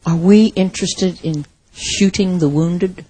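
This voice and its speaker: Husky woman preaching. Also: on the low side, unhurried, low-quality recording. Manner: earnest, heartfelt storytelling with soft dips. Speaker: pastor. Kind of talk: sermon.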